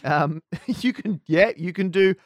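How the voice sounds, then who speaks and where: A man's voice: high-pitched, slow pace, no room sound, studio quality. A man co-hosting a podcast in casual chat, giggly and self-mocking. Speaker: podcast co-host.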